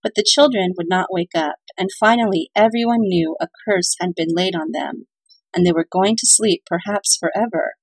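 A woman's voice: lowish voice, moderate pace, husky, no echo, low-quality recording. A woman narrating a children's Christmas story in a playful, cheerful announcer manner. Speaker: radio-style story reader. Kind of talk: scripted narration and reading.

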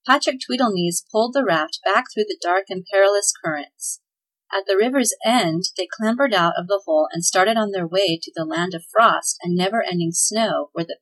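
Woman, podcast host, scripted narration, breathy, cheerful, mid pitch. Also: fairly bright tone, rough recording.

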